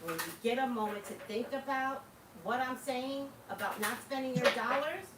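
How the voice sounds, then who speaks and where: A woman's voice: a little high, normal speed, reverberant, distant mic, heavy background noise. A woman hosting a livestream, talking casually and passionately to her viewers, laughing often. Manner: impassioned, preachy, laughs often. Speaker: livestream host.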